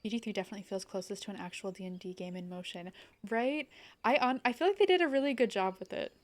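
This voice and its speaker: A bubbly young woman streaming a game, talking in loose, rambling chat with plenty of fillers and bursts of laughter. Her pitch sits right in the middle for a woman. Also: fast. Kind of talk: casual live-stream chat.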